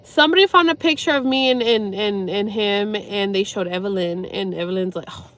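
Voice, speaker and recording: A young woman talking to her viewers about something painful, rambling and swearing, pausing to sigh and close to tears. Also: medium pitch, fairly bright tone. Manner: rambling, sweary, halting with sighs. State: near tears. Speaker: livestreamer. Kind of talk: emotional personal talk to viewers.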